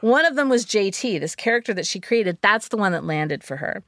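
A woman's voice: mid-range voice, expressive, brisk, fairly bright tone, dry recording. A woman spins a story for her co-host in a loose, joking way, sprinkled with fillers. Her voice sits mid-range and sounds close and dry, with no room around it. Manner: wry, jokey, with fillers like "um" and "like". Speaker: podcast host telling a story. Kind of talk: casual storytelling chat.

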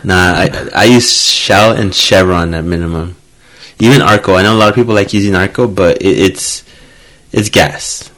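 A man's voice: low-pitched, normal speed, a bit bright. A man co-hosting a podcast, rambling through a long casual explanation. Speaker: podcast co-host. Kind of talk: casual chat.

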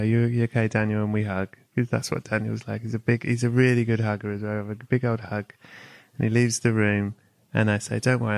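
A man hosting a podcast in a relaxed, chatty way, his voice carrying a gravelly edge. He tells a long, playful tale with a light comic touch. The sound is dry and close. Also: on the low side, no room sound. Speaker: podcast host. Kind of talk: casual chat with comic storytelling.

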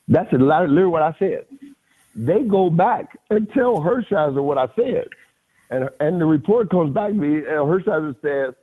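A middle-aged man spins a story in loose, slangy talk, animated and keeps calling out to the host. His voice sits at an ordinary pitch. The sound comes through narrow and tinny, like a phone line. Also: slightly rough. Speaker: podcast guest. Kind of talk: casual storytelling.

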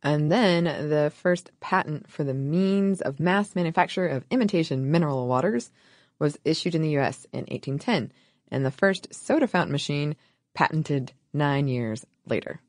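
Deadpan joking woman, low voice. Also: moderate pace, no echo, clean studio sound. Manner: deadpan, jokey, laughs at own lines. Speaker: podcast co-host. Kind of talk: casual history chat.

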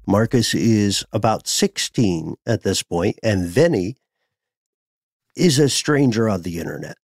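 A man with a fairly low voice tells a story to his co-host in casual podcast chat. He talks very slowly and pauses on uhs as he gathers his thoughts. The sound is dry and close. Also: no echo. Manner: unhurried, hesitant with uhs.

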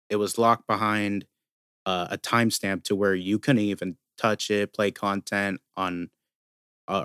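A man's voice: on the low side, a bit bright, clean tone, no room sound, clean studio sound. A man co-hosting a casual gaming podcast, explaining things at length with lots of fillers. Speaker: podcast co-host.

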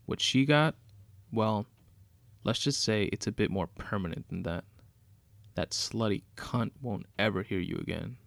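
A man's voice: on the low side, measured pace, vocal fry, a bit bright, no echo. A man voicing a cold, mocking vengeful woman. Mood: taunting. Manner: sarcastic, taunting.

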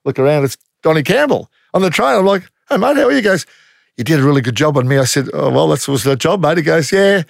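Blunt Australian ex-undercover cop. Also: male voice, on the high side, expressive, fast, gravelly, no room sound, clean studio sound. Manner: blunt, matter-of-fact, slangy, acts out quoted voices. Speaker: former undercover police officer. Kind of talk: casual interview storytelling.

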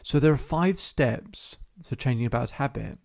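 A man hosting a podcast, calmly telling a story from his hypnotherapy practice with measured, repetitive phrasing. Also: mid-range voice, gravelly.

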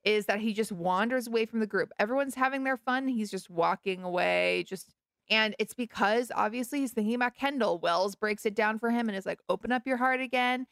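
A young woman with a gravelly edge to her voice chats casually as a podcast co-host. She gossips in a playful, drawn-out way, and the recording is close and dry. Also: mid-range voice, dry recording. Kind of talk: casual chat.

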